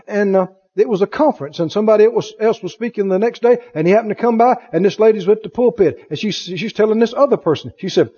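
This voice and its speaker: A man's voice: high voice, expressive, brisk, hardly any pauses, dark tone, slightly rough. A man preaching a sermon as pastor, telling folksy stories, laughing, and acting out the people he quotes. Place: church sanctuary. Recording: dull, lo-fi church recording with long reverb. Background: congregation answering amen.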